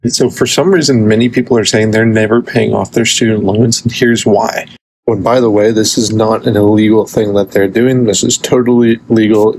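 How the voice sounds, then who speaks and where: A man's voice: on the low side, a little mellow, slight background noise, low-quality recording. A man presenting a punchy, promotional money news explainer. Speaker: finance content creator. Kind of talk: quick explainer.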